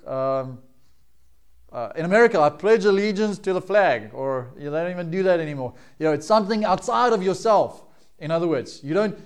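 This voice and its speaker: Male pastor, middle-aged, slightly raised pitch, chatty sermon delivery that keeps asking the congregation to follow along. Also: darkish tone, clean tone. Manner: conversational, checks in with listeners.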